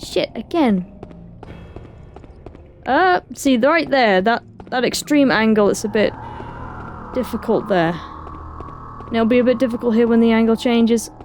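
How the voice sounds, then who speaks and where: A woman's voice: on the high side, lively intonation, unhurried, pauses often, a little mellow, slight background noise. A woman giving casual gameplay commentary, reading in-game text aloud and adding wry, sarcastic asides to herself. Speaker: let's play gamer.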